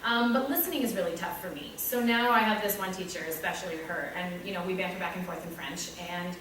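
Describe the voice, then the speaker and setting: A woman's voice: fairly low pitch, fast talker, a bit bright, a little hiss or hum. A woman teacher with a Canadian English accent reflects on her own teaching practice in a candid, self-deprecating way, acting out little asides. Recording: echoey room, speaker far from mic, faint ambience.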